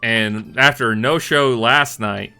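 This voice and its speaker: A man's voice: medium pitch, unhurried, creaky, bright, forceful tone, smooth, faint music behind. A man narrating as game master in a casual, profane tabletop session, often trailing off with fillers.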